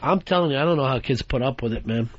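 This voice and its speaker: A man's voice: mid-range voice, quick pace, highs cut off. A man hosting a radio talk show, telling crude, rambling stories and acting out voices. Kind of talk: profane comedic talk radio banter.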